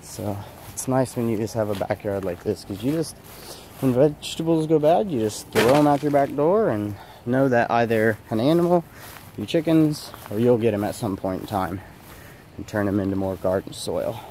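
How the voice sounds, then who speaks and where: A man's voice: medium pitch, expressive, moderate pace, warm tone, slight background noise. A man casually chatting as a vlogger, outdoors in his backyard, in an easygoing, chatty way. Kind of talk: casual chat.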